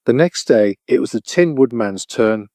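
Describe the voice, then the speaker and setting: A man narrating a children's storybook audiobook in an even, clear storytelling voice. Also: medium pitch, normal speed, dry recording.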